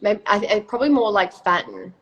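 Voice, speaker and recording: A woman's voice: medium pitch, big pitch swings, fairly quick, a bit bright, low-quality recording. A young woman in casual chat on a phone livestream, chatty and swearing casually, often restarting her sentences. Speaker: actor in a live chat.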